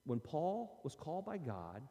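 Male preacher, slightly high and mellow, animated sermon delivery in a reverberant church hall. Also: a little slow. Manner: animated, conversational preaching with scripture readings.

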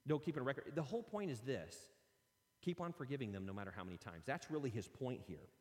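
A man's voice: medium pitch, animated, quick pace, a little mellow, in a large hall. A man preaching a sermon in a conversational way, reading scripture aloud and breaking off into casual asides. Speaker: pastor.

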